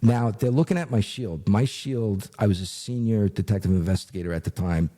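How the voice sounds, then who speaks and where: A middle-aged man with a low, dark and husky voice tells a story from his working years. His talk is casual and animated, full of fillers. He acts out the lines of the people in the story. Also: brisk. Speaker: retired investigator, guest.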